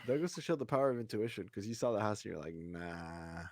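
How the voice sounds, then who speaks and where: A man's voice: medium pitch, lively intonation, rapid-fire, dry recording. A laid-back male podcast host chats and reacts in short bursts. His mid-range voice sounds close and dry, with no room around it. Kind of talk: casual chat.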